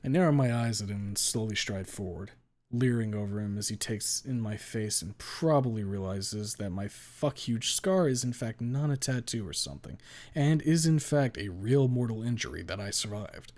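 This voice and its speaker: A man reading a first-person story aloud with a blunt, deadpan delivery and casual swearing. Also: on the low side, normal speed. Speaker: story reader.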